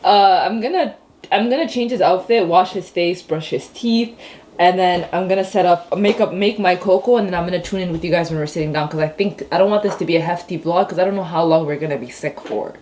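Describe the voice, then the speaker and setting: A woman's voice: on the low side, fast, a little mellow, slight background noise. A tired young mother chatting frankly to camera at home in a rambling vlog. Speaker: vlogger, stay-at-home mom. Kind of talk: casual vlog talk to camera.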